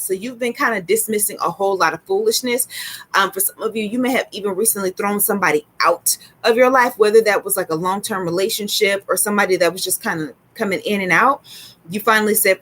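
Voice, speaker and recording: A woman hosting a casual tarot livestream, chatty and excitable, greeting viewers by name as she goes. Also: mid-range voice, quick pace, slightly rough. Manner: sprinkles in laughs and exclamations. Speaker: tarot reader and livestream host.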